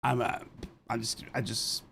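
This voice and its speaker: A man streams a live football watchalong in a loose, conversational way. He switches between calling the action on the pitch and answering viewers' comments, and he is quick to apologize when he thinks he has been too blunt. His voice sits at an ordinary middle pitch for a man. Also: little pitch movement, vocal fry, fairly bright tone, slight background noise. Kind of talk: casual live match commentary and chat.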